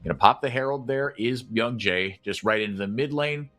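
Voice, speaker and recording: A man calling esports play-by-play, chatty and rambling, who gets loud and excited when fights break out. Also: mid-range voice, normal speed, faint music behind. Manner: excitable, rises sharply in big fights. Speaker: play-by-play caster.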